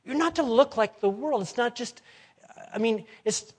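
A man preaching a sermon, emphatic and full of rhetorical questions, swinging between loud and hushed delivery. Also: very high-pitched, lively intonation, moderate pace, slightly rough.

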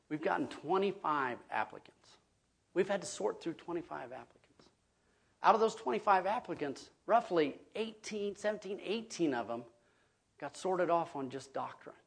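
A man's voice: on the high side, gravelly, slightly rough. A man preaching a sermon as pastor, earnest and conversational, often checking in with his listeners.

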